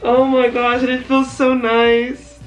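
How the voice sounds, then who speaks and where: A high-pitched woman vlogs from home, unboxing a care package in a casual video. She gushes excitedly and laughs often, though the audio is poor.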